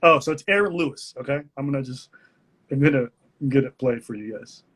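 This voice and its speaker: Husky man chatting candidly on a live stream. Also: medium pitch, fast, a bit bright. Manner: candid, rambling, joking. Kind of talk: casual live-stream chat.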